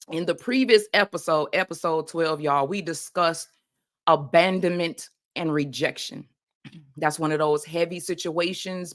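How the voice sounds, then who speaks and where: Woman, podcast host, lowish voice, preacherly call-and-response. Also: a bit bright. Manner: preacherly call-and-response, often says "y'all". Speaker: podcast host and life coach. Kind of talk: faith-based motivational podcast talk.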